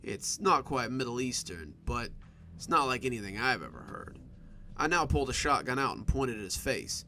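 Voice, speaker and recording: Male narrator for first-person horror fiction, bright voice, steady and measured. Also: medium pitch, soft background music.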